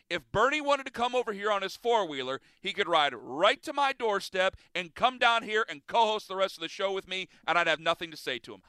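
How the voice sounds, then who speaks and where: A man's voice: sits high, pushed and bright, clear, resonant tone, no room sound. A man from the Cleveland area hosting a sports radio talk show, making his case emphatically and repeating his points. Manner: emphatic, repetitive, argumentative.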